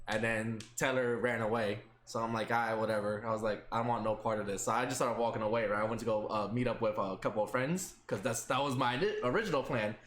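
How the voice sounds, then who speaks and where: A young man as a podcast guest in casual chat, relaxed and teasing, often cutting in. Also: lowish voice, quick pace, few pauses. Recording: echoey room with faint background noise.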